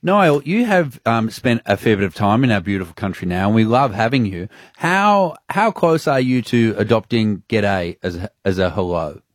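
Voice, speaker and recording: Australian male radio co-host, lively up-and-down voice, dry close sound, jokey. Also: fairly low pitch, normal speed, few pauses, dry recording. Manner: jokey, animated questions. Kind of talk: radio interview.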